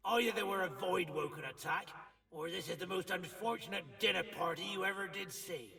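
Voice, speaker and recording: An actor playing a gruff, hostile male dwarf ghost in a video game, growling his words. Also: sits high, fairly quick, bright, forceful tone, distant mic, exaggerated voice. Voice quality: gravelly, growling. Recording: reverberant game audio, heard from afar, with music.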